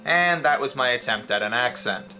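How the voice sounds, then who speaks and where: A man's voice: medium pitch, expressive, normal speed, sharp tone, faint music behind. A man giving a comedic, sarcastic video game review. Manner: sarcastic, joking.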